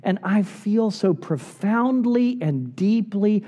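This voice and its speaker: A middle-aged man preaching a sermon as a pastor, earnest and pleading, often dropping to soft low tones for emphasis. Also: animated, slow pace, few pauses.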